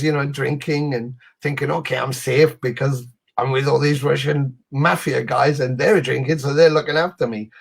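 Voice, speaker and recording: A man guest telling animated, sweary anecdotes over a video call. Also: mid-range voice. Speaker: musician guest. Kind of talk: casual storytelling.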